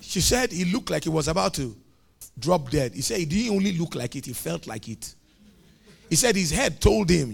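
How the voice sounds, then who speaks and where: A man preaching a sermon, retelling stories with acted dialogue and building to shouted, emphatic climaxes. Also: fairly high pitch, big pitch swings, moderate pace, creaky, breathy edge.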